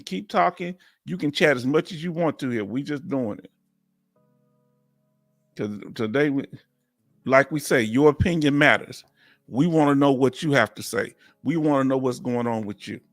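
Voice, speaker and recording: A man's voice: medium pitch, dry recording, studio quality. A man in his fifties from Texas with a Southern accent, hosting a casual live-stream chat and chatting in a folksy way as he reads out viewer comments. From Texas, United States. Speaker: host of a veterans live chat.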